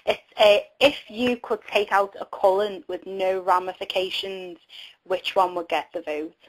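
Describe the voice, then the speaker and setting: A woman's voice: medium pitch, fairly even intonation, a little slow, rough recording. A woman with a Scouse accent co-hosting a casual interview, giggly and teasing.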